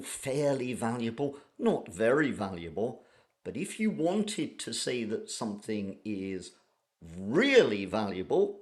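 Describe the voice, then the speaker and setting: Male teacher for an exam-prep lesson, careful and slow, repeats key words, lively pitch. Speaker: English teacher. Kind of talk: IELTS vocabulary lesson.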